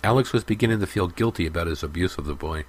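A man narrating a story in a steady, even audiobook style. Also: sits low, quick pace.

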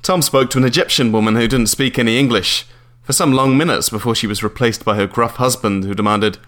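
Male narrator for a memoir audiobook; dry, deadpan wit. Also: mid-range voice, brisk. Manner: dry, wry understatement.

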